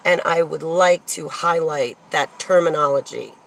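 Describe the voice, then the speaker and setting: A woman's voice: deep voice, measured pace, creaky, poor audio. A woman from New Jersey telling a rambling personal story in a casual monologue, digressing often and laughing as she goes.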